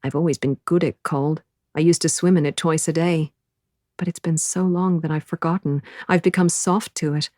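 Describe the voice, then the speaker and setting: A woman's voice: low-pitched, fairly even intonation, normal speed, darkish tone, no room sound, clean studio sound. A woman narrating a novel in the first person, with an intense, breathless inner-monologue delivery. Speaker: audiobook narrator.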